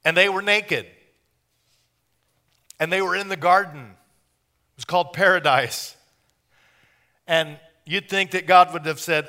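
A man preaching a sermon in a folksy, joking way, building up to loud, animated emphasis. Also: high-pitched, slow, long pauses.

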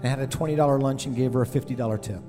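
Joking, conversational middle-aged preacher. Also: male voice, medium pitch, rapid-fire, mellow, faint music behind. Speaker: pastor. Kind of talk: sermon.

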